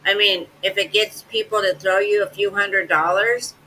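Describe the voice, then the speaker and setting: Bright, sarcastic reaction commentator. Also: medium pitch, little pitch movement, moderate pace, slight background noise, rough recording. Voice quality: sarcastic, scornful. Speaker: commentary channel host.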